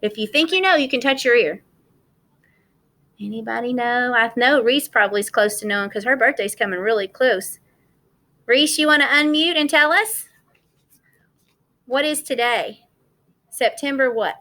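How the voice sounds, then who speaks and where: A woman's voice: fairly high pitch, moderate pace, long pauses, pushed and bright. A woman teaching kindergarten over a video call, cheerful and sing-song, coaxing young children through the morning meeting. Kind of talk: online class morning meeting.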